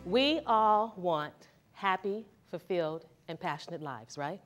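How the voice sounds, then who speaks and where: A woman's voice: fairly low pitch, lively intonation, unhurried, over music. A woman therapist giving a motivational talk to a seminar audience, talking conversationally and often checking in with the audience. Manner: conversational, asks the audience questions. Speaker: therapist and speaker.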